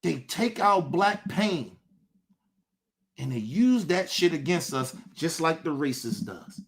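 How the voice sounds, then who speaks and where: A man hosting his own show, delivering an impassioned, profane commentary rant that swings between shouting and low, intense talk. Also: expressive, takes it slowly. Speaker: show host.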